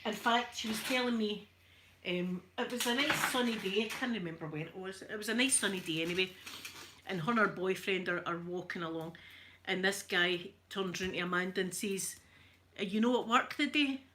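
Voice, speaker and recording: A woman's voice: mid-range voice, steady tone, fairly quick, noisy background. A middle-aged Scottish woman chatting casually while ironing, rambling from one story to the next. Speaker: ASMR creator.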